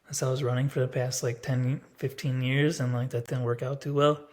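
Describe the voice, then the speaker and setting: A man's voice: mid-range voice, level tone, brisk, a little mellow. A man in his thirties talking straight to the camera in a casual personal vlog, rambling and blunt, with lots of filler words. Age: 30s. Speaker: vlogger.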